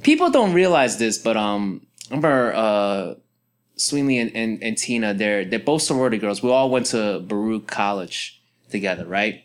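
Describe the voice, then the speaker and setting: A man's voice: fairly low pitch, lively intonation, normal speed, clear, resonant tone. A young man hosting a podcast, ranting in a casual, profane, mock-angry monologue. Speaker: podcast host.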